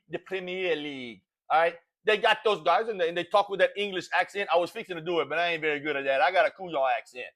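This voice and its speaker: A man with a Cajun Louisiana accent hosting a sports talk show, ranting in a folksy, animated way and checking in with "all right?". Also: sits high. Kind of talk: opinionated sports talk rant.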